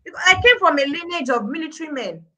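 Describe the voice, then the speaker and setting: Middle-aged Nigerian-accented woman, emphatic guest speaker, bright forceful tone. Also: high voice, lively intonation, fast, low-quality recording. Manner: emphatic, repeating points for stress. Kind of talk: live-stream talk show discussion.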